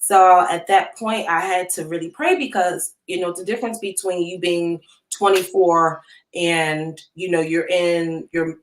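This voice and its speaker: A woman's voice: lowish voice, fairly even intonation, unhurried, a little hiss or hum. A woman in her thirties, a business owner and guest, telling her personal testimony in a casual way with many fillers. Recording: echoey room.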